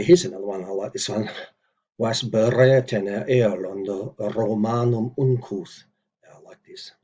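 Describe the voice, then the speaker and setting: A man teaching an Old English lesson in an unhurried, explanatory way, with frequent fillers and self-corrections. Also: on the low side, darkish tone, husky, muffled recording. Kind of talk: informal recorded lesson, reading and explaining text.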